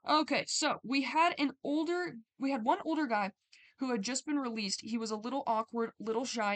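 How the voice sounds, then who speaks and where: Young woman, casual streamer, reads a story then chats about it, loose and talkative. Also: on the high side. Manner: chatty, reads aloud then breaks off to comment. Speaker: streamer reading stories aloud. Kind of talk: casual stream reading with commentary.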